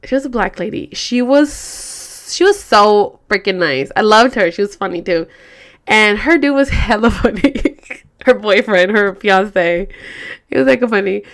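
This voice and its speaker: Smooth-voiced woman telling a rambling story. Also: medium pitch, lively intonation, measured pace. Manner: rambling, profane, heavy on fillers like "like". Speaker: podcast host. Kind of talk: casual storytelling.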